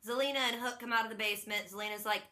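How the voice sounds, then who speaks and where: A woman's voice: medium pitch, fairly even intonation, very fast, bright, forceful tone. A young woman casually recapping a TV episode, chatty and playful, slipping into silly voices for the characters. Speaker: vlogger.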